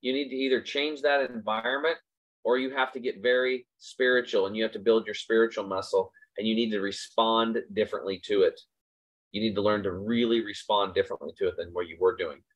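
A man's voice: fairly low pitch, steady tone, fairly quick. A man hosting a casual motivational talk, speaking emphatically and repeating his points for stress. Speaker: host. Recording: slightly dull lo-fi recording.

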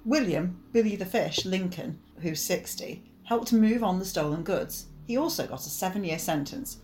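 A woman's voice: fairly low pitch, animated, darkish tone, faint music behind. Female co-host, chatty and teasing, reading true-crime facts. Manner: chatty, quick to tease. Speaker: podcast co-host. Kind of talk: casual true-crime chat.

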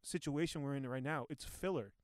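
Comedian guy rambling at home on a podcast mic, smooth voice, dry close sound. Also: mid-range voice, a little fast, no room sound. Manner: rambling, joking, animated. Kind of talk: casual chat. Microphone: new podcast microphones.

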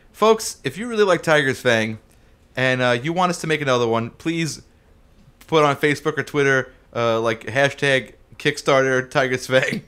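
Male podcast host, casual and rambling, bright tone. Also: fairly high pitch. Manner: rambling, self-interrupting.

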